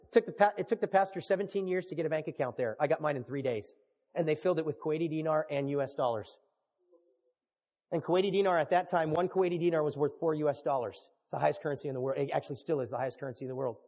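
Animated preacher in a reverberant hall. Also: male voice, on the high side, fast talker. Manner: animated preacher, swings from hushed to shouting. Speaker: pastor. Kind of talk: sermon storytelling.

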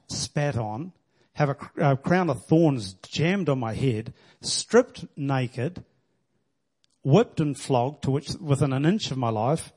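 A man's voice: mid-range voice, darkish tone, husky. A man preaching, speaking as a devoted groom who earnestly pledges his love to his bride. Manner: earnest, pleading. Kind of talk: sermon with acted-out quotes.

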